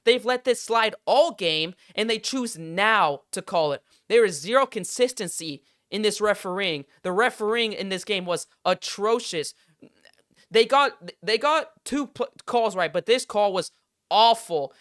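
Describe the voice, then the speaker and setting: Young male podcast host, frustrated sports ranter, bright and smooth clear tone. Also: high voice, expressive, a little slow, dry recording, studio quality. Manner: heated, frustrated ranting with swearing. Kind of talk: casual sports commentary rant.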